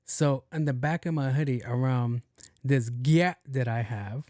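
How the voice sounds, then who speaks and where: A man's voice: medium pitch, measured pace, dark tone, dry recording, studio quality. A young man hosting a podcast, telling a rambling, profane story and acting out both sides of the conversation. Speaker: podcast host. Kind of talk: casual storytelling monologue.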